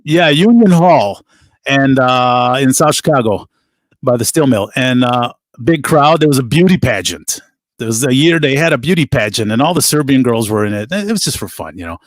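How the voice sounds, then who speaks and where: Animated man telling band stories. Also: mid-range voice, normal speed, no echo, studio quality. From United States. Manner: animated anecdotes with laughs and quoted voices. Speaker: band musician, guest. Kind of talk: casual storytelling interview.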